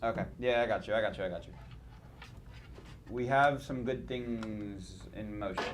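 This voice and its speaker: A man's voice: fairly low pitch, moderate pace, slight background noise. Tired, rambling man on a stream. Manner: rambling, self-mocking, with many restarts. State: tired from lack of sleep. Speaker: stream host. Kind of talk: casual livestream chat.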